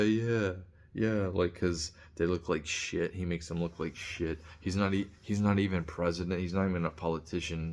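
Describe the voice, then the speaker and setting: Blunt, rambling man with a deep voice. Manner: rambling, blunt, frequent restarts and filler words. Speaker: commentator. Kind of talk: casual opinion monologue.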